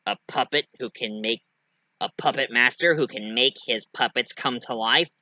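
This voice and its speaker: A man's voice: mid-range voice, normal speed, pushed and bright, dry recording, low-quality recording. A man voicing a wisecracking, foul-mouthed male killer doll in a one-man fan voice play, taunting and yelping. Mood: scheming. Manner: taunting, snarky, yelps in pain.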